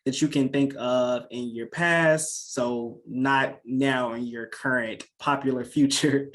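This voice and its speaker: A man at a mid-range pitch hosts an interview in a sincere, affirming way. He strings long questions together in an easy conversational flow. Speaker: interview host.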